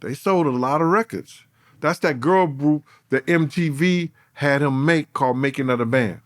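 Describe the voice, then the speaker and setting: Animated, profane storyteller man. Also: moderate pace, no echo, studio quality. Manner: animated, profane, swings between loud and low. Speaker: former bodyguard, guest. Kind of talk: storytelling in an interview.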